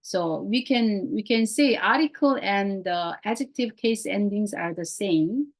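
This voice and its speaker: A woman teaching a Greek grammar class in a slow, repetitive way, speaking English as a non-native speaker whose first language is Korean. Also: medium pitch. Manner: slow, repeats key words, non-native phrasing.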